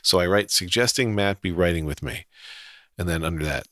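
A man's voice: low-pitched, moderate pace, fairly bright tone, no echo, clean studio sound. A man casually telling a personal story in a wry, self-deprecating way, chuckling often.

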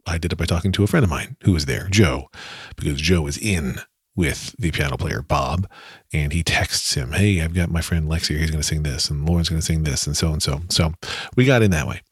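A man's voice: very deep voice, a little fast, breathy edge, no echo, clean studio sound. A man hosting his own podcast, telling a rambling, self-deprecating story in a casual solo monologue. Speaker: podcast host.

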